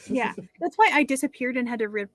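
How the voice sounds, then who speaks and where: Female guest, slightly higher voice, rambling casual chat over a call. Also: expressive, fast talker, no room sound. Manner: rambling, explaining in fits and starts. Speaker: stream guest.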